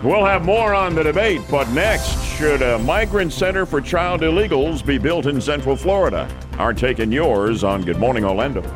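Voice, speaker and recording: Over music, a middle-aged radio morning host talks at a moderate pace with hardly any pauses, his slightly high voice lively in intonation. Speaking into a studio microphone, he alternates news reading with wry banter that pokes fun at himself.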